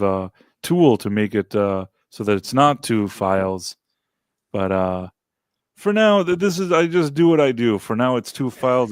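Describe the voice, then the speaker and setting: A man's voice: lowish voice, no room sound, studio quality. Man casually hosting a rewatch podcast. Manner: recaps scenes in a loose, halting way. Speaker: podcast host.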